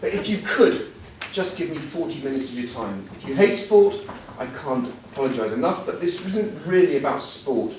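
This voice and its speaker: A middle-aged man, a guest speaker with a wry, anecdotal style, gives an after-dinner-style motivational talk to an audience in a large event hall. His voice sits on the high side and is a little mellow, with lively intonation, a moderate pace, and hardly any pauses as he tells chatty, self-deprecating stories. A distant mic in the reverberant, echoey room catches him from far off, with a faint hum and audience laughter.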